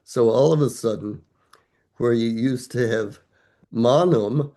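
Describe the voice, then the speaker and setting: A man's voice: mid-range voice, a little slow, dark tone. An older man, a guest scholar, explaining ideas step by step in a thoughtful, conversational academic way, asking himself rhetorical questions.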